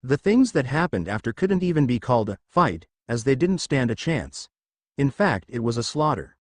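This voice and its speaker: A young man narrates a fan fiction story in a plain, steady voice. His pitch is animated and varied, and the recording is dry and close. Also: normal speed, no room sound.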